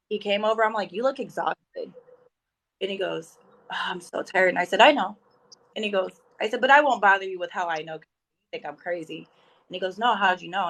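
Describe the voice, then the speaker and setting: A woman's voice: medium pitch, rough recording. A woman in her thirties telling spiritual stories in casual podcast chat, acting out quoted dialogue. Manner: animated, acts out quoted dialogue. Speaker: podcast guest.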